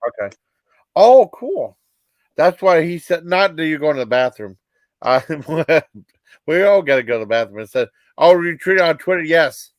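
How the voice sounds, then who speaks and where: A man in his fifties telling rambling personal stories as a vlog host, halting with many fillers and restarts. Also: a little high, very animated, no room sound.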